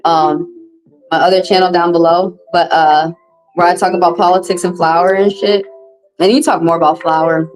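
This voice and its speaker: A woman with a Southern US accent reading tarot on a live stream, chatting casually in a profane, animated way. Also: lowish voice, normal speed, faint music behind, poor audio. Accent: Southern US, Texas. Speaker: tarot reader.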